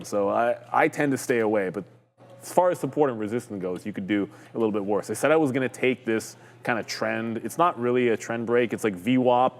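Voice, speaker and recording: A man co-hosting a live trading show, talking through chart setups in a chatty, joking way with quick asides. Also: fairly low pitch, long reverb tail. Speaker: stock market show co-host.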